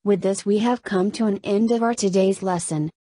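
A woman teacher narrating a scripted lesson, reading slowly and carefully and addressing her students. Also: medium pitch, dark tone, dry recording.

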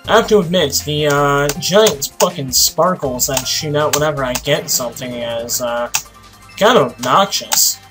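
A tired young man giving casual, profane commentary while playing a game, with sudden excited outbursts. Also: on the high side, measured pace, music in the background, rough recording. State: tired, sleepy voice. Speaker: let's play host.

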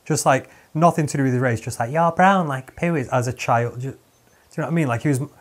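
A young man hosts a podcast in a casual chat, rambling and joking with lots of fillers and restarts. His voice is medium pitch and he talks fast.

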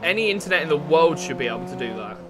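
A young English man streams a racing game with engine noise behind him, rambling casually and answering chat. His voice is a little high, animated and racing.

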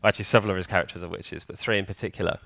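A man's voice: low voice, fairly even intonation, very fast, gravelly, fairly bright tone, dry recording, clean studio sound. A man giving a conference talk in a conversational way, often putting questions to the audience. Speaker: conference speaker. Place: conference hall.

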